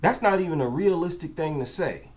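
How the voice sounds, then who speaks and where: A man's voice: a little high, animated, a little fast. A man with an African American accent giving reaction commentary, incredulous and asking rhetorical questions.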